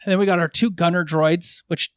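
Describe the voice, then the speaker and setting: A man's voice: sits high, steady tone, normal speed, clean tone, no echo, studio quality. A man co-hosting a casual fan podcast, carefully tallying figures and explaining them at length. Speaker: podcast co-host.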